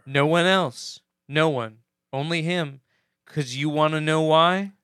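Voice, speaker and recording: A man's voice: a little high, slow, smooth, no room sound, studio quality. A man co-hosting a podcast, joking and swearing in casual chat. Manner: joking, animated, swears a lot. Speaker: podcast co-host.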